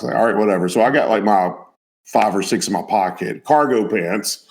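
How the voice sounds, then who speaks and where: A man hosting a casual talk show, asking questions with stumbling restarts and telling his own lively story. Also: on the low side, brisk. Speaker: show host. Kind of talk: casual chat.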